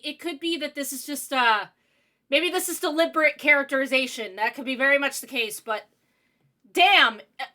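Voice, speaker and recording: A woman ranting through a video game review, exasperated, sarcastic and animated. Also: high voice.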